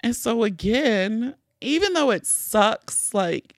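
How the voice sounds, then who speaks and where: A woman hosting a podcast, telling a personal story in a candid, animated way with plenty of swearing. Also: on the high side, takes it slowly, no room sound, studio quality. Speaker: podcast host. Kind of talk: casual storytelling.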